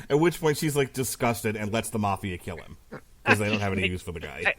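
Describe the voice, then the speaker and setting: A man's voice: lowish voice, very animated, fairly quick, crowd noise. A man hosting a podcast who steers the conversation and retells plot loosely, swearing casually. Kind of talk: casual chat.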